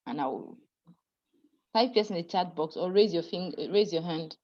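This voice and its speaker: A woman's voice: on the low side, normal speed, darkish tone, highs cut off. A woman teaching French pronunciation in an online class, patient and apologetic, often laughing and calling students dear.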